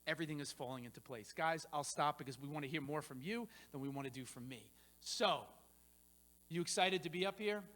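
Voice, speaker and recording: A man preaching to a congregation as a pastor hosting a church panel, energetic and rambling, with restarts and asides, in a church sanctuary. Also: fairly high pitch, brisk, long reverb tail. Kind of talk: informal sermon-style talk to a congregation.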